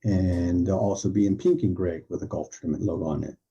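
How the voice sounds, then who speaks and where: A man with a deep, husky voice speaks as a podcast guest, hesitant and full of uh and um as he explains things. His tone is dark and mellow, and the video-call audio sounds dull and lo-fi. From Southern California. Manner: hesitant, halting, lots of uh and um. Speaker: guest, head of a support nonprofit. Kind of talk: casual interview chat.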